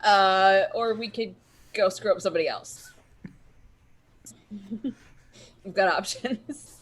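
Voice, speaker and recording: A woman playing in a tabletop role-playing game, chatty and quick to laugh. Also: medium pitch. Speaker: player. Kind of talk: casual tabletop role-play.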